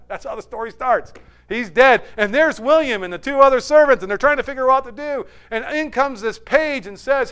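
A man retelling a movie story in an animated sermon style, swinging between loud bursts and hushed asides. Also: very high-pitched, moderate pace, clear, resonant tone. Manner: animated retelling with sudden soft drops.

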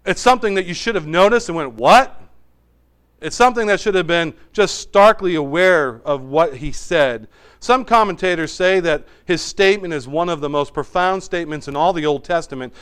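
Preaching man, smooth higher voice. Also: fairly quick. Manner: swings from emphatic raised preaching to hushed low asides. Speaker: pastor. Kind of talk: sermon.

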